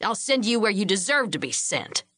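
A woman doing a gruff stern rancher father. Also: medium pitch, sing-song, normal speed, pushed and bright, dry recording, studio quality. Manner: curt, commanding.

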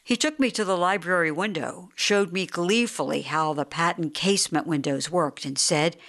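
A woman narrating a short story for an audiobook in a steady, even way. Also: on the low side, moderate pace, hardly any pauses.

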